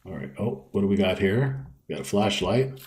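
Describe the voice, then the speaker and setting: A man's voice: low voice, sing-song, moderate pace, darkish tone, roomy sound, poor audio. A man streaming a video game live, rambling casually, swearing now and then and reading on-screen text aloud. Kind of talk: casual live gameplay commentary.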